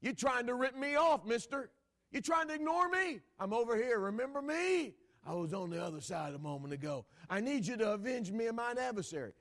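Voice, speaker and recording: A man voicing a desperate, persistent widow who shouts to get a judge's attention. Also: sits high, sing-song, moderate pace, gravelly, pitched above the performer's own voice, heavily acted. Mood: hollering. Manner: hollering, pleading, insistent. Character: desperate poor widow woman, persistent and shrill.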